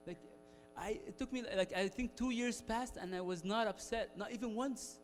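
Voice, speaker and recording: A man's voice: high-pitched, moderate pace. A young Egyptian man telling a casual story on stage, chatty, with many fillers and frequent laughs. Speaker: speaker at an alumni talk. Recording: hall reverb with faint music.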